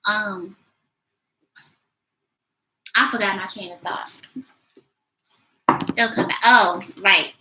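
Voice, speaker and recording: A woman's voice: mid-range voice, steady tone, slow pace, pauses often, background noise. A woman giving a casual tarot reading at home, chatty, with many fillers and little laughs. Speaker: tarot reader.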